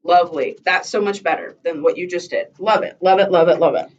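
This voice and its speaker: A woman's voice: lowish voice, a little fast, distant mic. A woman leads a singing lesson, chatty and encouraging, sometimes singing short examples. Her voice comes from a camera set well across the room and sounds dull and muffled. A piano plays now and then in the background. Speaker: voice teacher.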